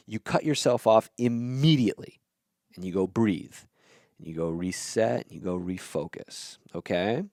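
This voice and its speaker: A man with a fairly low voice lays out his ideas in a loose, unscripted monologue. He is blunt and swears freely, and keeps checking in with the listener as he goes. The sound is dry and close, with no room around it. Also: warm tone, no room sound. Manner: blunt and profane, checks in with "okay?" and "right?". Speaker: podcast host. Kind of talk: casual explanatory monologue.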